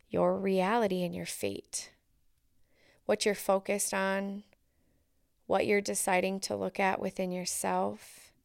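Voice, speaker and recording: Woman, solo podcast host, earnest, thinking aloud, gravelly, dry close sound. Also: medium pitch, dry recording.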